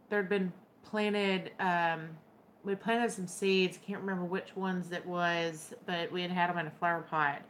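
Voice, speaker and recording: Slow-talking Texan woman vlogger. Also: lowish voice, steady tone, a bit bright, slight background noise. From Texas. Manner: chatty, storytelling, wry and drawling. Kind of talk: casual chat to camera.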